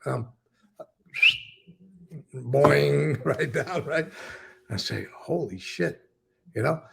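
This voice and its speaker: Speaking very slowly, a man who used to be a mobster recounts old stories in a relaxed interview. His voice is deeply gravelly, rough and husky, and he swears a lot, repeats himself, and performs the lines of the people involved.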